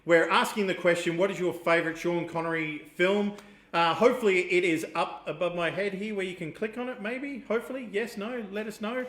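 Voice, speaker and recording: An Australian man co-hosting a casual chat show, laid-back and quick with short agreements. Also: high-pitched, fairly even intonation, fairly bright tone, reverberant. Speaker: podcast co-host.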